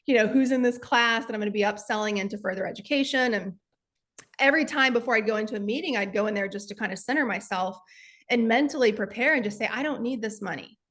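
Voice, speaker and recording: A woman's voice: on the high side, fast, fairly bright tone. A woman, earnestly telling motivational stories as a guest and sales coach. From Texas. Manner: earnest, emphatic, addresses listeners as y'all. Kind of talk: motivational storytelling.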